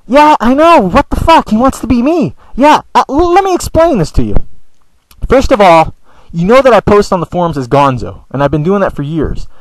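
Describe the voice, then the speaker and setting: A man's voice: sits high, sing-song, normal speed, no room sound, low-quality recording. A man ranting in a video blog, stammering and repeating words, swearing often, with an aggrieved, whiny tone. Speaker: video blogger. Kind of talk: ranting vlog monologue.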